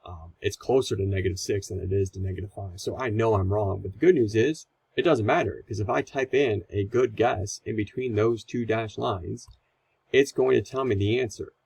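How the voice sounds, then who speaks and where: A man with a low, gravelly voice walks through a math lesson in a relaxed, chatty way. His tone is a little husky, with easy fillers as he explains each step. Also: normal speed, no room sound, low-quality recording. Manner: casual, conversational explaining with fillers. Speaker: math teacher.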